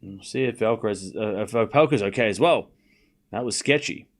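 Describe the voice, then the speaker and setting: A young man hosting a live tennis watchalong stream, chatting casually and excitedly repeating the score as points are played. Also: fairly low pitch, fairly quick. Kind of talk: live casual play-by-play commentary.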